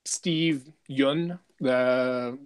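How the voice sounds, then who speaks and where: A man of middle pitch co-hosting a loose podcast conversation. He rambles and swears freely, tossing in "dude" and "like" as he goes. His delivery is relaxed and unpolished. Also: drawn-out words, clean tone. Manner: rambling, profane, peppered with "dude" and "like". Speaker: podcast co-host. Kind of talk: casual podcast chat.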